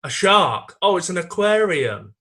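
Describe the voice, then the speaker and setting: A man's voice: high-pitched, sing-song, a little slow, pushed and bright. A young man co-hosting a comedy podcast, bantering playfully and laughing along. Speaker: podcast co-host. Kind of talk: casual comedic chat.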